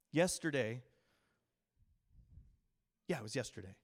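Middle-aged male pastor, conversational sermon, mid pitch, acts out quotes. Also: moderate pace. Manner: animated storytelling with acted-out quotes.

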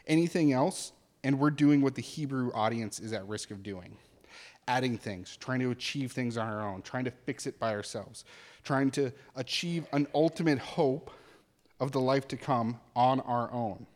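A man preaching a sermon as pastor, earnest and conversational, with animated asides. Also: mid-range voice, normal speed, long reverb tail.

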